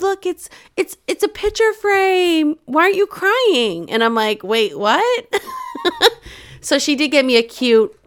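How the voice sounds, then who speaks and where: A woman's voice: low voice, a bit bright, clear, resonant tone. Chatty mother telling a story. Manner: chatty storyteller, laughs often. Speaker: podcast co-host. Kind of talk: casual chat.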